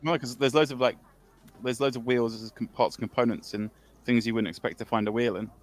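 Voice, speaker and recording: A man's voice: medium pitch, steady tone, fairly quick. A man calling live poker play-by-play in a dry, matter-of-fact way. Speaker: poker commentator.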